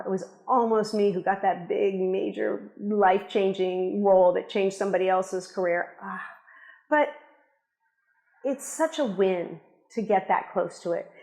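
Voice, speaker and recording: A woman's voice: medium pitch, darkish tone. A middle-aged woman, an acting teacher, giving frank, encouraging career advice straight to camera in a conversational way. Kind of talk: direct-to-camera advice talk. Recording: roomy echo.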